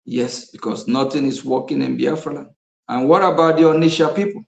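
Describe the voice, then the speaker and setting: Man, activist speaker, gravelly, impassioned, echoey room. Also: fairly high pitch, fairly quick, a little mellow. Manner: impassioned, repetitive, bursts of laughter. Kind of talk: impassioned political speech.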